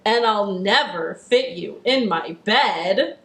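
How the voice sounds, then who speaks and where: A woman voicing a frightened little boy lost in the woods, with high squeaky cries. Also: lively intonation, takes it slowly, creaky, fairly bright tone, heavily acted. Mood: amazed. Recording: echoey living room.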